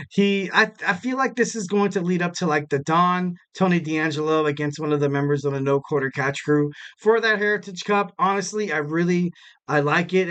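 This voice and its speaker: A young man hosts a casual wrestling recap podcast. His voice sits a bit high and comes across smooth and clean. He rambles through the action with fillers and little jokes at his own expense. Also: a bit bright. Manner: rambling, many fillers and self-corrections; jokey, laughs at himself. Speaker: podcast host.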